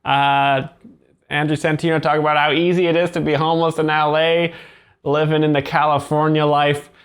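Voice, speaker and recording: A man hosting a show, explaining stand-up jokes in a flat, mock-serious commentary style. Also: fairly high pitch, moderate pace, clean tone. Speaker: joke explainer host. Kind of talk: deadpan commentary.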